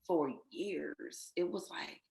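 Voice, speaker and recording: Low-voiced woman telling a heartfelt story. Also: animated, slow pace, gravelly, darkish tone. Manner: emotional, faith-filled, retells others' words. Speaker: guest sharing her infertility story. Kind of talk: personal storytelling interview.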